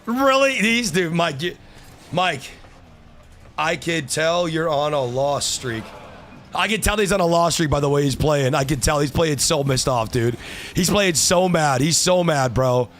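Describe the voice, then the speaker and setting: A young man streaming a car-soccer match, trash-talking opponents and yelling at his teammates. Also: on the high side, a little slow, a little hiss or hum. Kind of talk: live gameplay commentary.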